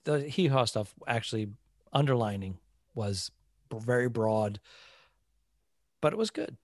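A man's voice: mid-range voice, unhurried, no echo. A man with a mid-range voice riffs on a comedy podcast, spinning straight-faced absurd bits. The sound is close and dry, with no room around him. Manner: deadpan, riffing on jokes with mock seriousness. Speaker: podcast co-host. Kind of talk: casual comedy podcast chat.

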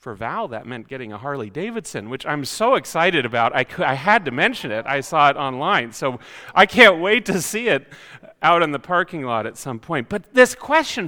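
A man's voice: on the high side, very animated, normal speed, sharp tone, in a large hall. A man preaching a sermon as a pastor, reflective and full of rhetorical questions.

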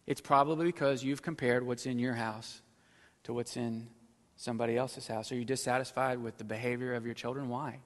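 A middle-aged man preaching a sermon as pastor, swinging between loud emphatic stretches and low, quiet asides. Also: fairly even intonation, a little fast, in a large hall.

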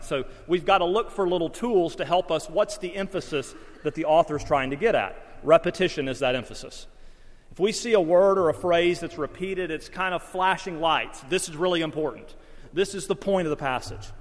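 A man's voice: fairly high pitch, in a large hall. A man preaching a sermon as pastor, mixing folksy stories and self-deprecating humor with Bible teaching.

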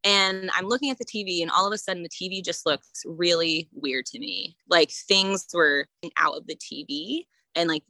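A woman tells her story casually, laughing often and piling on fillers. Her voice is bright and forceful, pitched a bit low. The sound is dry and close. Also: no room sound, rough recording. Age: late 20s. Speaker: guest sharing her story.

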